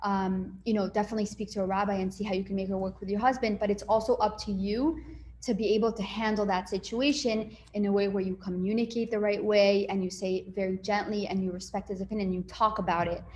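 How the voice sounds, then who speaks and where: A woman talking through relationship advice in a relaxed, conversational way, full of fillers and small acted-out exchanges. Her voice sits at a middle pitch, with a faint hiss of noise behind it. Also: quick pace. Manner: conversational, acts out little dialogues, many fillers. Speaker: relationship coach. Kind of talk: casual advice talk.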